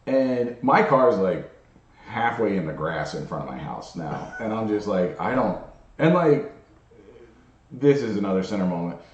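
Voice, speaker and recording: A man's voice: fairly low pitch, normal speed, echoey room. Guy podcast host telling a story, voice jumps all over, kinda muffled. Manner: animated, acts out quoted dialogue. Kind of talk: casual storytelling chat.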